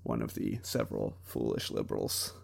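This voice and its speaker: A man's voice: extremely low pitch, wildly swooping pitch, normal speed, creaky, darkish tone. A young man in his twenties co-hosting a podcast, chatting casually and rambling with frequent laughs. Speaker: podcast co-host. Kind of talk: casual chat.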